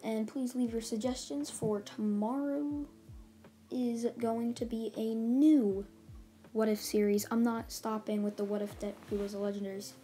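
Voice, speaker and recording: A woman's voice: fairly high pitch, steady tone, moderate pace, dark tone. A woman casually retelling a story as a channel host, stringing events together with "and then he's like.". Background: faint background music.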